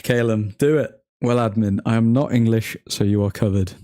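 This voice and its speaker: A man's voice: lowish voice, fairly even intonation, normal speed, mellow, no room sound, studio quality. A young man hosting a football watchalong stream, joking and bantering with viewers in the chat and laughing often. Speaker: livestream host reading chat.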